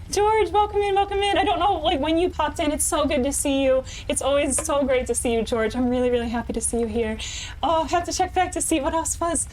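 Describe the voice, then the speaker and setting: Very high-voiced giddy woman streamer. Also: a little hiss or hum. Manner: overjoyed and breathless, laughing and repeating herself. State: shaky with excitement. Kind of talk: live-stream reaction chat.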